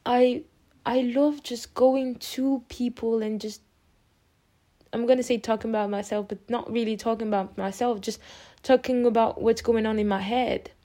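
Her voice sits on the high side with a dark tone as this young woman, a podcast host, shares a casual personal update. It's candid and rambling, with plenty of restarts, and she is openly emotional and warm toward her audience.

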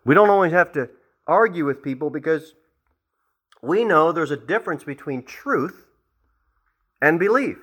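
A middle-aged man preaching a verse-by-verse sermon as pastor, animated and acting out the people in his stories. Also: on the high side, normal speed, long pauses.

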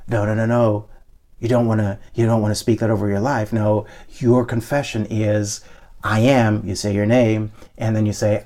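A man with a somewhat low voice preaches an online sermon. He is emphatic and repetitive, circling back over his points as he leads listeners in repeating affirmations. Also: flat delivery, normal speed, dark tone.

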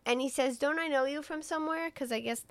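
A woman's voice: sits high, quick pace, noisy background. A woman casually retelling a film plot on a podcast, acting out the characters' lines as she goes. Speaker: podcast co-host recapping a film. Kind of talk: casual chat.

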